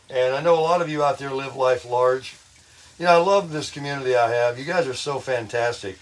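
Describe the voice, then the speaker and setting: An older man hosting a casual vlog while cooking in his camper, upbeat and self-amused, his voice a bit hoarse with frequent throat clearing. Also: medium pitch, a little fast, poor audio. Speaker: vlog host. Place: camper kitchen. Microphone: phone on a selfie stick. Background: bacon frying.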